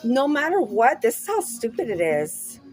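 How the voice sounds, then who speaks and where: A woman talking candidly to camera in a rambling, profane way, swinging from mumbles to loud outbursts. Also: on the high side, wildly swooping pitch, normal speed, soft background music. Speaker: vlogger.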